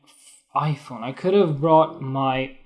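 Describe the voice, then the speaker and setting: A man's voice: medium pitch, slow pace, darkish tone. A young man hosting a solo photography show, rambling and blunt, swearing freely as he talks off the cuff on a live stream. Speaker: photography podcast host.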